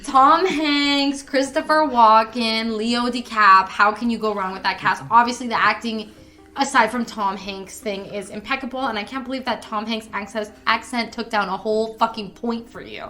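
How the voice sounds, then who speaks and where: A woman's voice: on the high side, steady tone, normal speed, bright, forceful tone, faint music behind. A woman co-hosting a casual movie review podcast, rambling through her thoughts, swearing freely and putting on playful mock anger. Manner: rambling, restarts sentences. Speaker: podcast co-host.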